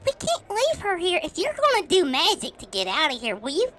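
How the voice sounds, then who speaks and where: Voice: very high voice, huge pitch swings, brisk, fairly bright tone, slight background noise, exaggerated voice. A performer voicing a naive, clueless nun in prison who talks earnestly and rambles in an improvised comedy bit. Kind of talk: improvised comedy role-play.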